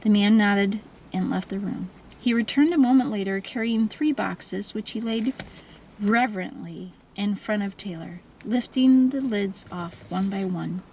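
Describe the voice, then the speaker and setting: A woman narrating a novel in a calm, even storytelling manner. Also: medium pitch, unhurried, slight background noise, low-quality recording. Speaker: audiobook narrator.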